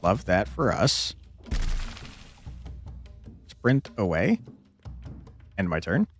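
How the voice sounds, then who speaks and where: A man's voice: fairly low pitch, very animated, drawn-out words, soft background music. A young man streaming a card game, talking to his chat between moves, swearing and venting at tough fights. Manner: swears a lot, frustrated outbursts and laughs; chats with viewers between moves. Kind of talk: live gameplay commentary.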